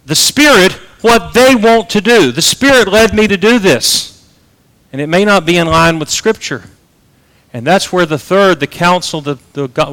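A man preaches a sermon in a fairly high voice. He swings between loud, emphatic peaks and quiet, low asides.

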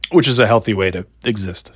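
A middle-aged man sits close to a dry, deadened mic and rambles through his solo podcast in a slightly low voice. His throat sounds scratchy and worn after being ill. He keeps the talk loose and chatty, and pokes fun at himself as he drifts from one tangent to the next. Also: fast, breathy edge, no echo. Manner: rambling, self-mocking, swears casually. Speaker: podcast host. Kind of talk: casual solo podcast chat.

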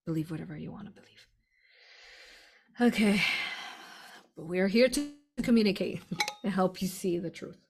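Chatty woman, lower voice. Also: normal speed, pauses often. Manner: chatty, laughs often, addresses listeners as "you all". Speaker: spiritual channeler hosting a live stream. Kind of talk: casual spiritual talk answering viewer questions.

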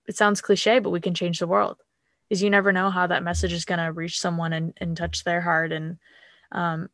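A woman's voice: on the low side, creaky, fairly bright tone, dry recording. Affirming woman podcast host, dry sound. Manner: enthusiastic and affirming, with many fillers. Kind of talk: supportive interview talk.

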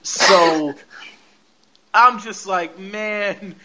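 A man's voice: high-pitched, extremely slow, very noisy. A podcast host casually recapping a TV episode, laughing often and acting out the characters' lines as he retells the scenes.

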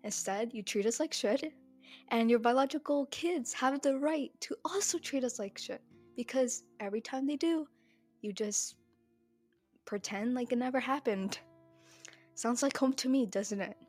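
A woman's voice: high-pitched, moderate pace, darkish tone, soft background music. A young woman hosting a solo podcast, talking bluntly and heatedly and swearing freely. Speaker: podcast host.

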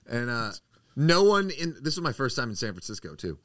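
A man's voice: medium pitch, sing-song, quick pace, a bit bright, no echo, clean studio sound. A young man, a podcast guest, telling a profane story with lots of acted-out quotes. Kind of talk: casual storytelling.

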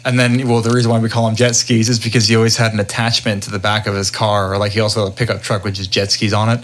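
A young man with a fairly low voice co-hosts a casual podcast. He swears freely and tells work stories with lively energy. He acts out the people he quotes. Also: fast talker, slight background noise. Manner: profane, animated retelling with quoted voices. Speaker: podcast co-host. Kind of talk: casual chat, storytelling.

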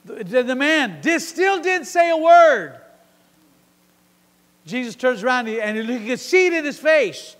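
A man's voice: very high voice, sing-song, a little slow, fairly bright tone, long reverb tail. A middle-aged man preaching a sermon as a pastor, dramatically acting out the lines of the Bible characters.

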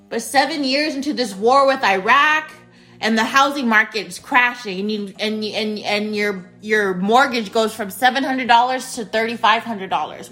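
Bright-voiced chatty woman podcaster. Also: on the high side, normal speed, soft background music. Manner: chatty, repeats phrases, talks straight to listeners as "you guys". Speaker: podcast host. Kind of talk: casual solo podcast monologue. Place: spare bedroom at home.

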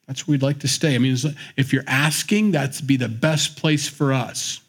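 Husky man teaching the Bible playfully. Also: medium pitch, normal speed. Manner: animated, joking storyteller who acts out the scenes.

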